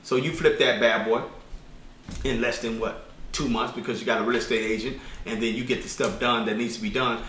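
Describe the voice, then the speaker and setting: A man teaching an informal spoken lesson as a business credit instructor, talking fast and colloquially, rambling with restarts. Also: medium pitch, pushed and bright. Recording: echoey room, distant mic.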